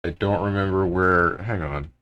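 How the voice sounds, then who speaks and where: Man, very deep voice, casual live-stream chat, laid-back grumbling, desk mic. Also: moderate pace, dull audio.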